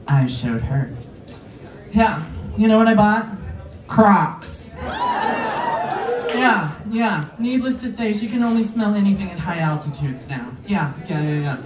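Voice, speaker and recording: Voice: mid-range voice, animated, unhurried, long pauses, distant mic. A queer performer doing a stand-up comedy set before a live audience, playful and chatty, riffing with the crowd. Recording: roomy live venue, mic from afar, crowd noise. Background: audience laughing and clapping.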